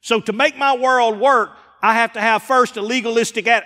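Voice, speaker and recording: A man preaching a sermon with a high-pitched voice, his words ringing through a long hall reverb. He slips into voices of the people he quotes, rising loud and then falling to a hush. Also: fairly even intonation, normal speed, few pauses. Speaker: pastor. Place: church sanctuary.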